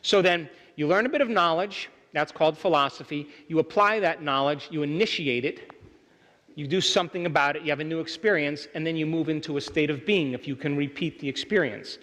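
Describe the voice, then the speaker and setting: A man's voice: a little high, a little fast, a bit bright. A man giving a motivational seminar lecture to a live audience, keeping them engaged by asking if they follow along. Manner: keeps checking in with the audience. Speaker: seminar speaker. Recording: long hall reverb.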